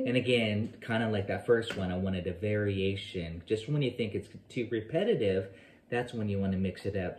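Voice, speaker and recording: A man's voice: fairly low pitch, moderate pace. A man teaching a guitar lesson, scatting the phrases he plays and counting beats aloud between loose, rambling explanations. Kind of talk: guitar lesson with scat-singing. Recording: roomy sound with guitar playing behind. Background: guitar playing.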